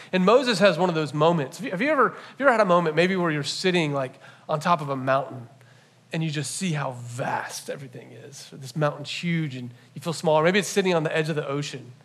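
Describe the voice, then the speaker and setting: A man preaching a church sermon as a pastor, teaching in a conversational, animated way with playful asides to the congregation. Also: fairly high pitch. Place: church service.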